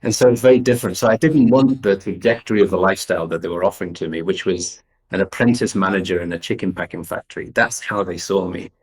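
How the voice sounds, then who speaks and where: Deep-voiced English man telling stories. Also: quick pace, hardly any pauses, rough recording. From England. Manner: animated storyteller, restarts sentences often. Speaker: guest entrepreneur. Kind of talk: conversational interview storytelling.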